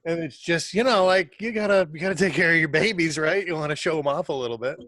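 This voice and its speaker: A man tells a casual, animated story as a guest on a video call. His voice is bright and quick, and he says "like" often. The sound is dry and close. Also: fairly high pitch, dry recording. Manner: animated, fast-paced storyteller who uses lots of "like".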